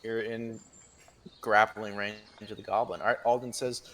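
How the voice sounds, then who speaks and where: A man narrating a tabletop game as game master, describing the action with lively, profane flair. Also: lowish voice, normal speed.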